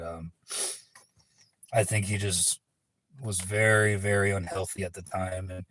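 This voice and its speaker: A man's voice: deep voice, fairly bright tone. A man hosting a livestream in casual chat, laid-back, rambling and profane. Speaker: livestream host.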